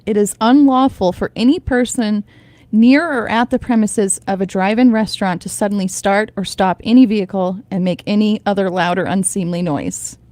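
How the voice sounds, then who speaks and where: A woman's voice: mid-range voice, a little mellow, dry recording. A woman hosting a radio morning show, chatting casually and reading items aloud with frequent laughter. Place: radio studio. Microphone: studio microphone.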